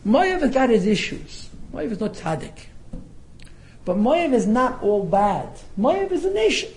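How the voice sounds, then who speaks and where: Male teacher leading a text-study class; high, lively voice that jumps around, laughs a lot and acts out the quotes. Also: a little hiss or hum, low-quality recording. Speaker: Torah teacher.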